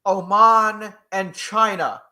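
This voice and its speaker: A man co-hosting a casual livestream chat, wry and animated. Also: high voice, slow pace. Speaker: co-host.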